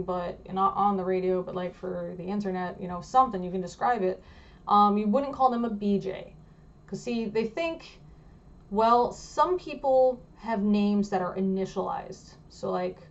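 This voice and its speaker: A woman's voice: medium pitch, lo-fi sound. A woman vlogger explaining things in a casual, rambling way, full of fillers and restarts.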